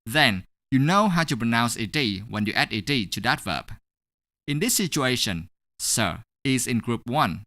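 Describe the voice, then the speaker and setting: A man teaching an English pronunciation lesson, explaining clearly and step by step in a scripted voice-over. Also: mid-range voice, expressive, unhurried, sharp tone, dry recording.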